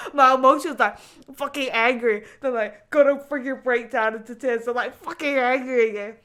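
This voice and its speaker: A woman's voice: high-pitched, fairly even intonation, moderate pace, few pauses, bright, forceful tone. A young woman reacting live to an anime, emotional and casual, swearing often and saying "like" a lot. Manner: emotional, swearing, frequent "like" fillers.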